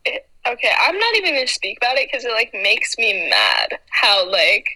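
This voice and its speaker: A young woman co-hosting a podcast, chatting in an animated way with lots of fillers and laughs. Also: on the high side, moderate pace, low-quality recording. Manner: animated, heavy filler "like", laughs between points. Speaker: podcast co-host. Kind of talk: casual chat.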